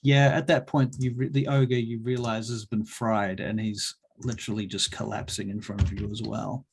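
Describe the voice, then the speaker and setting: A man working as game master, briskly calling for rolls and narrating the action. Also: lowish voice, little pitch movement, creaky, breathy edge. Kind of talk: running a tabletop game.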